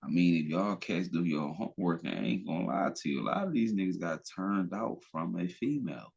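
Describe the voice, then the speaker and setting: A man's voice: low voice, lively intonation, fairly quick, creaky, a little mellow, slightly rough, lo-fi sound. A man hosting a podcast, talking bluntly and profanely in a rambling, casual way with frequent restarts. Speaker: podcast host. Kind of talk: casual opinion talk.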